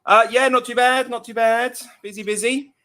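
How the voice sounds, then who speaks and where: Bright-voiced guest on a video call. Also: male voice, very high-pitched, fairly even intonation, normal speed. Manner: laughs easily, self-deprecating banter. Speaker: guest co-host. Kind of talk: casual video-call chat.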